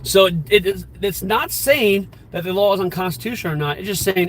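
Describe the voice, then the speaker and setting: A man with a high voice speaks as a firearms instructor, talking casually in plain, everyday words. He often stops and restarts his sentences, filling the gaps as he goes. He records from inside his car, with faint traffic noise in the background. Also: fairly quick, hardly any pauses, a bit bright, rough recording. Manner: conversational, plain-spoken, frequent restarts and fillers. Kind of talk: casual explanatory vlog.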